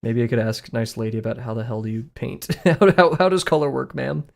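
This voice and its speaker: Here the young Southern US art streamer sounds brisk and gravelly, with a medium pitch and expressive delivery. He rambles as he draws on his casual stream, thinking aloud, mocking himself, and chuckling a lot.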